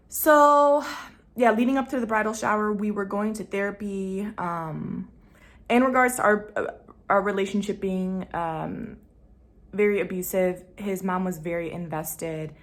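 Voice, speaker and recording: A young woman vlogger telling a personal story to camera, candid and slangy, swinging between loud emphasis and hushed asides. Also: medium pitch, measured pace. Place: home room.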